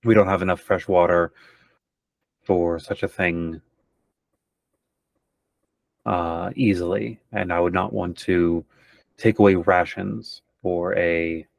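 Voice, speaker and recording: A man voicing an older, weary ship captain who speaks softly and in a hushed way. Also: fairly even intonation, takes it slowly, gravelly, long pauses, heavily acted. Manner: soft, low and hushed.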